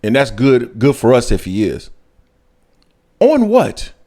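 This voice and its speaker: A man's voice: mid-range voice, normal speed, a little mellow. A man hosting a sports talk show, chatting casually and pushing his points emphatically with sudden jumps in his voice. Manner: emphatic, rises sharply when making a point.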